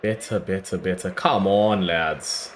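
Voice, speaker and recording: A man with a hoarse, worn-out voice giving chatty play-by-play commentary on his own cricket video game, breaking into excited cries at big moments. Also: low-pitched, measured pace, a little hiss or hum. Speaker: gaming YouTuber. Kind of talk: casual play-by-play gameplay commentary.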